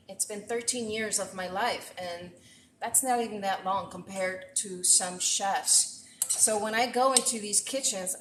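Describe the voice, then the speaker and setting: A woman's voice: medium pitch, fairly bright tone, a little hiss or hum. A middle-aged woman chef talking through a live-streamed cooking session, chatty and talkative. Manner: talkative, chatty, thanks viewers often. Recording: echoey room.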